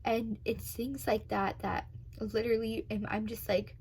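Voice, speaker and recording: A woman's voice: fairly high pitch, level tone, measured pace, darkish tone, slight background noise, poor audio. A young adult woman telling her personal love story in an earnest, emotional way, with many ums and moments where she gets tearful.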